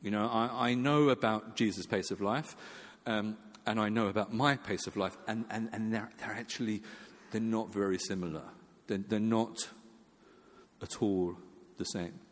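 A man's voice: fairly even intonation, normal speed, big-room sound. A man preaching a sermon in a conversational way, with fillers and restarts, acting out quoted voices. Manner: acts out quoted voices with jumps in pitch.

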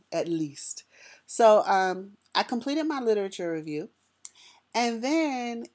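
Woman, personal storyteller; conversational, talks straight to the audience. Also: lowish voice. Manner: lively, conversational, addresses listeners directly.

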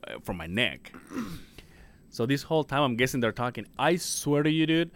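A man's voice: mid-range voice, sing-song, moderate pace. A man co-hosting a podcast, telling a rambling story with a lot of swearing and laughter. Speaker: podcast co-host. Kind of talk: casual chat.

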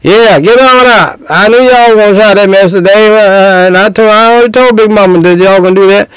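A man voicing a sharp-tongued mother who scolds a young man quickly. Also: high-pitched, smooth, no room sound, rough recording. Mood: scolding.

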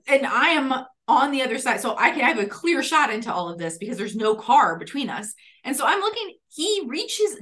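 A woman's voice: high-pitched, pushed and bright. A woman telling a funny story in casual chat, acting out quotes and laughing often.

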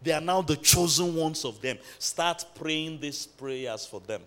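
A man's voice: on the high side, expressive, measured pace, a bit bright. A man preaching a sermon in a church, building to emphatic bursts and calling out to the congregation. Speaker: pastor.

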